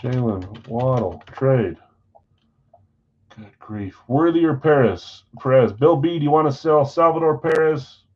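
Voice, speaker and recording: A man's voice: medium pitch, expressive, measured pace, muffled recording. A man hosting a live stream, casually reading off trades and talking to buyers in a scattered, self-deprecating way. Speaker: card break host.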